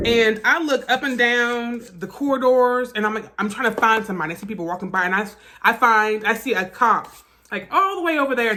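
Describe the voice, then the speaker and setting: A woman vlogger telling a personal story in a casual storytime style, animated, profane and emphatic. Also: fairly high pitch.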